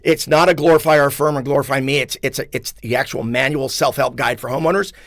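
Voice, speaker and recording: A man's voice: mid-range voice, fairly even intonation, quick pace, creaky, fairly bright tone, no echo, clean studio sound. A middle-aged man, an attorney and author, talking earnestly and emphatically in a casual podcast conversation, with a self-deprecating streak. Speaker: attorney and book author, guest.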